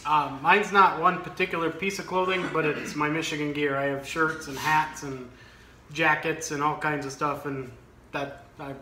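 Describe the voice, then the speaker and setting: A middle-aged man telling a casual family anecdote in a plain, slightly halting way. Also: a little high, fairly even intonation. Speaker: family member. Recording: echoey room, clear background noise.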